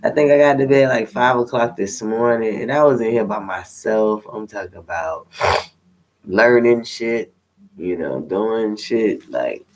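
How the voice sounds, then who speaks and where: A man's voice: lowish voice, a little slow. A tired man, a tarot reader, chatting to viewers in a candid, rambling way with plenty of swearing. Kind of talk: casual unscripted chat to viewers.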